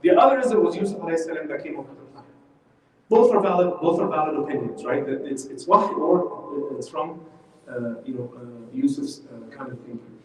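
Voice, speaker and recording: A man teaching a religious lesson in a mosque hall, animated and quizzing his class, heard from far off. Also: a little high, a little fast. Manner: animated, asks the class questions.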